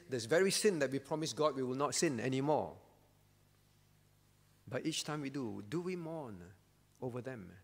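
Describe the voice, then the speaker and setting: Male pastor, sermon, earnest and pleading, soft passages, higher voice, long church reverb. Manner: earnest, pleading preaching that drops to soft tones.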